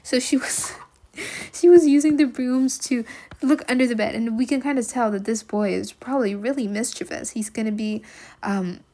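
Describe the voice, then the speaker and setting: A woman with a somewhat high voice reads a novel aloud in a lesson. She stops often to explain and muse out loud, talking casually with plenty of ums. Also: a little hiss or hum. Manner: chatty and musing, with thinking-aloud fillers. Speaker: teacher reading a novel aloud. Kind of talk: read-aloud lesson with commentary.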